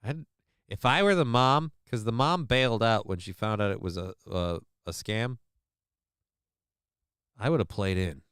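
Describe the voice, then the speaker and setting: A man's voice: lowish voice, measured pace, long pauses, fairly bright tone, smooth, dry recording, clean studio sound. A man hosting a livestream, chatting casually with his viewers in a rambling, joking, profane way. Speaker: livestream host. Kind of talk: casual chat to a live chat.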